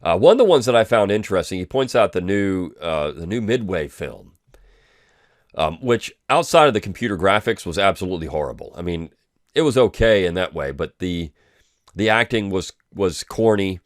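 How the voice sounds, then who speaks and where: A man with a very low voice hosts a weekly review, talking over the week's articles in a relaxed, rambling way full of ums and false starts. The recording is dry and close, with no room sound. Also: moderate pace, dry recording. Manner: loose and conversational, with frequent ums and restarts. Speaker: host of a weekly review podcast. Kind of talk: casual spoken commentary.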